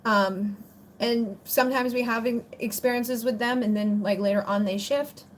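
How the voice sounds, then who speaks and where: Chatty high-voiced woman hosting a spiritual Q&A. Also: fairly even intonation, moderate pace, a little hiss or hum. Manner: chatty and rambling, full of "like" fillers. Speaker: spiritual channel host answering viewer questions. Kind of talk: casual livestream Q&A.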